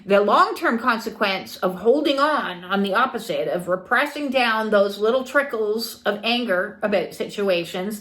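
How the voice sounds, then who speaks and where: A middle-aged woman spiritual coach talking casually, acting out little scenes and quoted voices as she teaches. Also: mid-range voice. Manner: animated, acts out quoted people.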